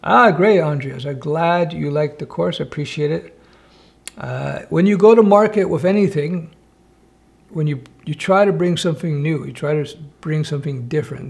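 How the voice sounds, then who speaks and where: A man's voice: on the high side, gravelly. A man hosting a casual live-stream Q&A, reading chat questions aloud and answering with wry asides from his home office.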